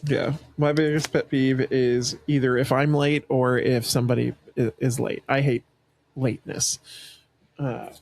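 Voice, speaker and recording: A man co-hosting a podcast, casually reading out questions and chatting in a relaxed way. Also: mid-range voice, unhurried, gravelly, dry recording. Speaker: podcast co-host asking the questions. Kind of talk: casual chat.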